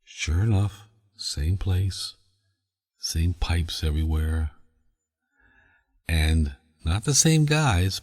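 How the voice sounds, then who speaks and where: A man's voice: sits low, husky, in a large hall. A man hosting a sleep podcast, telling a story in a meandering way with chuckles. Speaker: podcast host.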